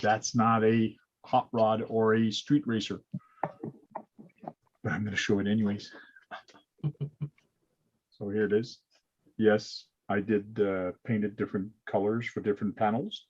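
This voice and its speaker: A man's voice: fairly low pitch, level tone, measured pace, long pauses, breathy edge. A man hosting a casual hobby livestream, explaining things step by step with plenty of uh's over a video call. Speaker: host. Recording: lo-fi dull sound.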